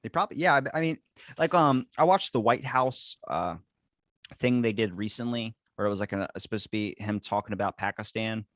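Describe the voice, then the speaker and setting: A man's voice: lowish voice, a little fast, a bit bright, dry recording. Young guy hosting a podcast, swears a lot, jokes around, dry mic. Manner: rambling, profane, jokey. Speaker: podcast host. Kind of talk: casual chat.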